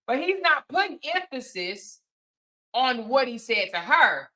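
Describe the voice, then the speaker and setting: Bright, sassy woman commentator. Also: a little high, measured pace, poor audio. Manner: animated, sassy, emphatic. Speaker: commentary host. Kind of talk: reaction commentary.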